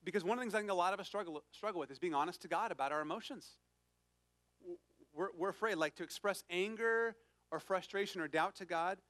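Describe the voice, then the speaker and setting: A man's voice: high-pitched, quick pace, fairly bright tone, no echo. A man preaching a sermon to his congregation, earnest and conversational, reading scripture with emphasis. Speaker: pastor.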